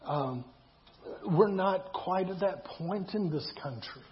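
High-voiced pastor preaching. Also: male voice, animated, takes it slowly. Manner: conversational preaching with repeated words and rhetorical questions. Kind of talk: sermon. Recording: dull lo-fi sound.

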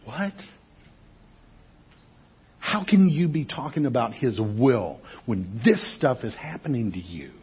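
A man with a very husky, raspy voice preaches a sermon, his pitch swinging widely as he asks his listeners question after question. The recording sounds dull and lo-fi. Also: takes it slowly, pauses often. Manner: animated, conversational preaching with rhetorical questions. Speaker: pastor.

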